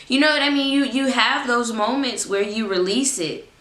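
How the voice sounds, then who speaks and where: A woman in her twenties giving a casual, expressive faith talk as a Christian vlogger, chatty and informal. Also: fairly high pitch, normal speed, echoey room. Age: 20s. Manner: expressive, acts out her own prayers; informal, chatty, laughs often.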